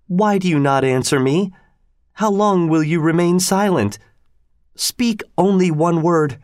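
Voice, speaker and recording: A man voicing a young sorceress queen who pleads in a raised, drawn-out voice. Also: no echo, clean studio sound, close to an everyday voice. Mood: sorrowful pleading. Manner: pleading, pitched high and drawn out. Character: grieving, then vengeful young sorceress queen.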